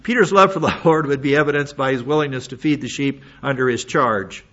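A man's voice: medium pitch, a little fast, fairly bright tone. Older guy preaching, chatty and meandering, trips over his words, kinda muffled recording. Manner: rambling, folksy asides with many restarts. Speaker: pastor. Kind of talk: sermon. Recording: slightly dull lo-fi recording.

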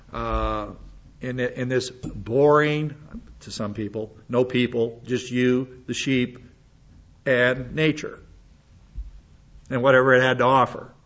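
An older male pastor delivers a folksy, meandering sermon full of restarts and homespun asides. His voice sits in an ordinary middle pitch. The recording is a little dull and lo-fi. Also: a bit bright.

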